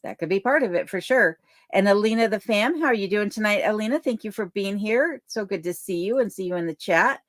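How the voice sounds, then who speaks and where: A woman hosting a live stream from her home, reading viewer comments aloud and chatting back in a relaxed, easygoing way. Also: mid-range voice, brisk, no room sound, studio quality. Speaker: livestream host reading chat comments. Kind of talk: casual live chat. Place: home in remote Alaska. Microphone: desk microphone.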